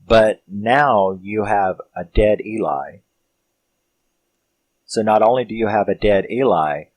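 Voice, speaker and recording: A man casually recapping a film's plot, rambling with lots of fillers and laughs. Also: lowish voice. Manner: rambling, loose, with frequent "you know" fillers; laughs often while retelling. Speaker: film reviewer.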